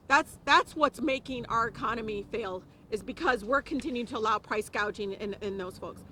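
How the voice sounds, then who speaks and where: A woman with a high, bright voice gives a passionate press conference speech. She hammers her points home and repeats phrases for emphasis. Faint traffic hums behind her. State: close to tears at times. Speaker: politician speaking at a press conference.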